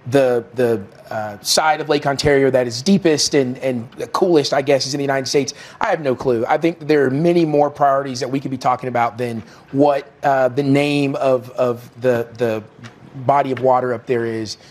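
A man's voice: medium pitch, fairly even intonation, normal speed. A man on a political panel, hedging and defensive when answering. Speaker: panel guest.

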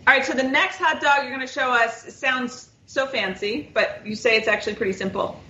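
A woman's voice: high voice, brisk, pushed and bright, reverberant, recorded from a distance, low-quality recording. A woman hosting a TV cooking segment, prompting her guest in an upbeat way. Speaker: host.

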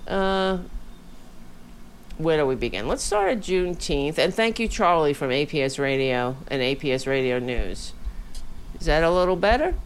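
Tired woman host, low-pitched, casual rambling delivery, home mic, faint room hum behind. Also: animated, moderate pace. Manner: rambling, chatty, candid. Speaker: podcast host. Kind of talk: casual livestream chat. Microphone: home studio microphone.

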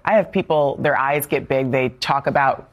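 A woman's voice: rumbling low, normal speed, muffled recording. A female co-host talking earnestly and indignantly on a political show. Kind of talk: political talk show discussion.

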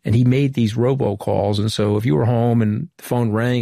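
This middle-aged man from Long Island talks fairly quickly and barely pauses, his lowish voice warm with vocal fry. As an interview guest and former White House communications director, he shares candid stories and acts out conversations. Clean studio sound, no echo.

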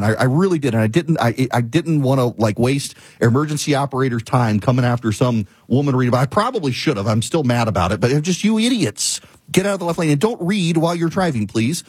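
Husky-voiced man ranting about drivers. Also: mid-range voice, no room sound. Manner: exasperated, emphatic, repeats points for effect. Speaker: talk show host. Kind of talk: casual monologue, ranting storytelling.

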